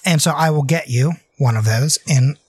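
A man's voice: fairly high pitch, moderate pace, husky, no echo. A man running a tabletop game as game master, narrating loosely with many hesitant fillers.

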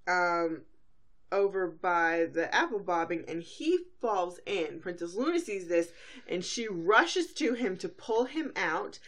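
A woman hosts a podcast and recaps a cartoon episode in casual, rambling talk. Her voice sits a little low, and she sprinkles in fillers and quick character quotes. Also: expressive, fairly bright tone. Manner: chatty, full of fillers, briefly acts out characters. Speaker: podcast host.

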